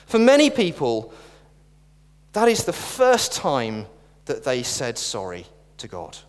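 A man's voice: medium pitch, wildly swooping pitch, takes it slowly. A middle-aged man preaching a sermon in a church, earnest with wry asides and jokes. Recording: reverberant church hall.

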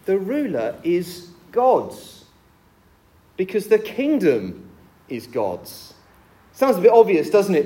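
Guy preaching a sermon, fairly high voice, lots of swing in his pitch, tells jokes. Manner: lively, jokey storytelling delivery.

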